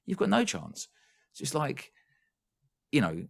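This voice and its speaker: A man's voice: mid-range voice, huge pitch swings, a little slow, creaky. A man co-hosting a casual whisky podcast, rambling with frequent restarts and laughter. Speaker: podcast co-host. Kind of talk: casual chat.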